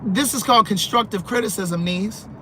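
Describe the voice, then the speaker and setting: Man, fairly high voice, animated and sassy, sleepy, talking in a car, road noise behind. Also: moderate pace. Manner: animated and sassy, answering live comments. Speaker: vlogger. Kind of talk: casual chat while driving.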